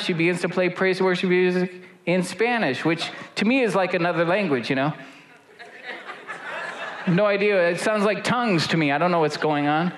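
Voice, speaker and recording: A middle-aged man preaching a sermon as pastor, rising to loud, high-pitched exhortation and dropping low and slow for storytelling. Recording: echoey room with faint noise.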